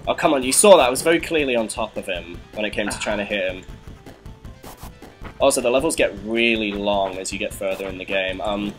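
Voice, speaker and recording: Low-voiced guy cursing at a hard game. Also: fairly quick, soft background music, rough recording. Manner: frustrated, swearing, laughing at himself. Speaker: let's play host. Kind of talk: casual game commentary.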